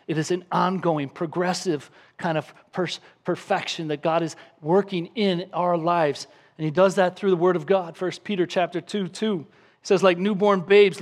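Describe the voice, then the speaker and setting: A man with a high-pitched voice preaches to his congregation. He reads scripture aloud and drives his points home with emphatic repetition. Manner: emphatic preaching, acts out a crying baby with shouts. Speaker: pastor. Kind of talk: sermon.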